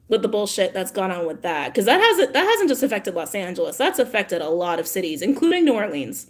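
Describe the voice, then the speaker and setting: A woman from California chatting casually with viewers on a live stream, ranting heatedly, swearing and laughing often. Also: medium pitch. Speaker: tarot channel host.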